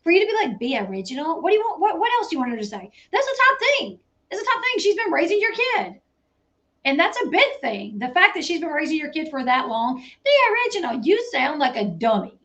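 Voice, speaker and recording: A woman with a high voice reacts to a clip in a blunt, incredulous way. She speaks her mind plainly as the host of a commentary channel. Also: very animated, fairly quick, fairly bright tone.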